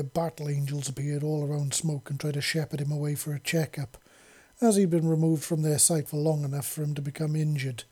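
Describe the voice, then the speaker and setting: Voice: mid-range voice, dark tone, breathy edge. A narrator reading a fan-fiction story aloud in an unpolished way, correcting their own slips as they go.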